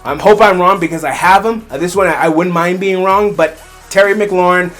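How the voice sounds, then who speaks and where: A man's voice: high-pitched, moderate pace, fairly bright tone, faint music behind. A man hosting a solo fantasy football show, rambling through his picks, repeating phrases and getting fired up into rants. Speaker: fantasy football podcast host.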